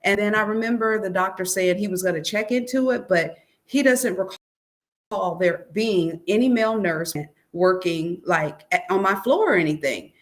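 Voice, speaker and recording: A woman guest on an interview show recounts a painful memory in an earnest, searching way. She often stops to quote what other people told her and pauses with "um"s as she pieces it together. Her voice sits at a middling pitch. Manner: recounts events by quoting others, "he said" asides; earnest, searching, many restarts and "um"s. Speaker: author and guest. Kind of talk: personal storytelling in an interview.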